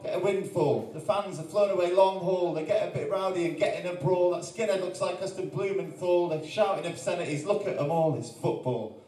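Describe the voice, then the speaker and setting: A man's voice: fairly high pitch, mellow, distant mic. Man from Wales reciting rhyming poems. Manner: rhythmic rhyming recital broken by jokey chatty asides. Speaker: performance poet. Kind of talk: live spoken-word performance. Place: arts centre gallery event, live audience. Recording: echoey room, voice from off the mic.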